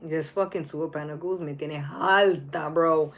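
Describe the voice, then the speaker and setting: A woman's voice: low-pitched, normal speed, slight background noise. Blunt, profane woman reading tarot. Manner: blunt, profane, animated, repeats phrases. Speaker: tarot reader. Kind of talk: casual live tarot reading.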